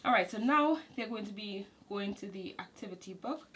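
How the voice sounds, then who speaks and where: Woman host, mid pitch, casual explainer, faint room noise. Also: normal speed, gravelly, few pauses, a bit bright, low-quality recording. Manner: casual, explanatory, with fillers and self-corrections. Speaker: homeschool channel host. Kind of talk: walking through a curriculum manual.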